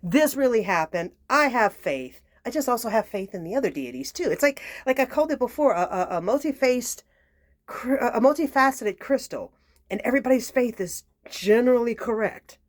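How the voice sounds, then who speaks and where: A woman, telling a personal story in a chatty, sassy way, talking straight to her viewers and sometimes dropping to a soft near-whisper. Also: a little high, lively intonation, moderate pace, dry recording, clean studio sound. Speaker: tarot reader and channel host. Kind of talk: casual spoken storytelling.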